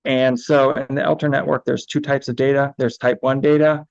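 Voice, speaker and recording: Man, gravelly voice, flat delivery, hesitant with fillers, presentation, dull lo-fi sound. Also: mid-range voice, normal speed, no room sound. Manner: hesitant, many ums and uhs. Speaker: information manager. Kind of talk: recorded presentation.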